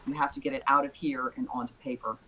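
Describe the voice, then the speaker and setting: A woman's voice: very deep voice, little pitch movement, quick pace, pushed and bright, a little hiss or hum, rough recording. Earnest woman singer giving advice. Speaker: singer-songwriter guest. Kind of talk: casual video interview.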